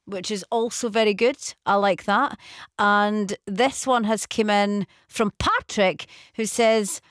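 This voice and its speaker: A woman's voice: medium pitch, takes it slowly, dry recording. A woman presenting a late-night radio show, chatting and reading out listener messages in a studio. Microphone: studio microphone.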